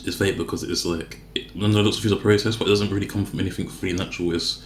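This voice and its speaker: A man's voice: low-pitched, steady tone, fast talker, roomy sound, slight background noise. A man vlogging in a casual, rambling way, often correcting himself mid-sentence as he talks to the camera. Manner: rambling, self-correcting, chatty. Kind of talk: casual talk to camera while eating.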